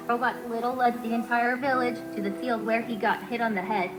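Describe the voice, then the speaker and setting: A woman's synthetic robot voice narrating children's stories in a clear, even, friendly way. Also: fairly high pitch, normal speed, hardly any pauses, over music, low-quality recording. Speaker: storytelling companion robot.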